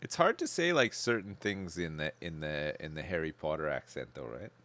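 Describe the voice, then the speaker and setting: A man's voice: rumbling low, lively intonation, moderate pace, fairly bright tone, a little hiss or hum. A Canadian man chatting casually on a live gaming stream, rambling and laid-back, swearing freely and chuckling often.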